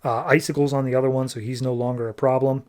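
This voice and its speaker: A man's voice: medium pitch, little pitch movement, fast talker, darkish tone. A young man hosting a podcast, recapping a comic book in a loose, chatty way and acting out characters' lines. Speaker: podcast host.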